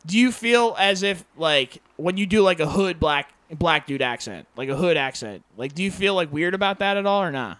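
A man's voice: fairly high pitch, animated, moderate pace, hardly any pauses, a bit bright, dry recording. A man chatting casually with friends, rambling with lots of fillers. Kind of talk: casual chat.

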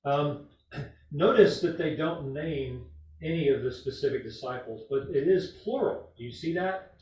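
A man leading a group Bible study, talking in a halting, conversational, gently teasing way. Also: fairly high pitch. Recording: far, roomy, dull recording.

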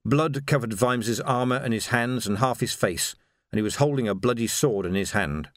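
A man reading a novel aloud as audiobook narrator, in a dry, measured storytelling manner. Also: mid-range voice, dry recording. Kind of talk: scripted narration.

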